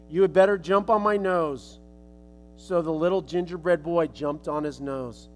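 A man's voice: on the high side, a little hiss or hum. A male preacher telling a children's story as a sermon illustration in a casual, folksy way.

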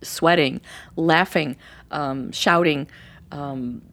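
A middle-aged woman coach explaining her method as an interview guest, acting out emotional phrases with lively energy. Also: deep voice, extremely slow. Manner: animated, acts out emotional phrases. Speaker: forgiveness coach.

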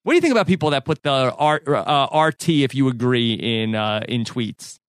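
A man's voice: medium pitch, moderate pace, clear, resonant tone, no echo. A man hosting a podcast, chatting casually, laughing often and reading out tweets. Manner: laughs often, reads tweets aloud in a flat tone. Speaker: podcast host.

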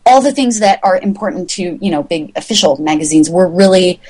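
A woman's voice: brisk, darkish tone, low-quality recording. A middle-aged woman telling a rambling story in an interview and acting out the voices of the people in it. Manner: chatty, rambling, acts out quoted voices with big pitch jumps. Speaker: magazine founder, guest.

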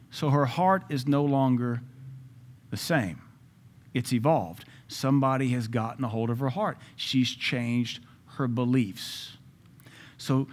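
A man preaching a sermon in an emphatic, conversational way, with asides to his listeners and sudden loud rises. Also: medium pitch. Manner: jokes and asides to the audience.

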